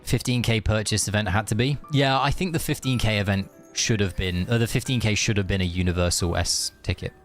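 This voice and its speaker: A man's voice: lowish voice, a little fast, few pauses, faint music behind. A young man streaming a game, chatting loosely with viewers and thinking aloud, with lots of fillers and restarts. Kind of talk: casual live-stream chat.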